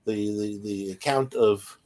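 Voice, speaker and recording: A man's voice: on the low side, steady tone, unhurried, dark tone. A man talking casually in a Bible study discussion, with many fillers and asides.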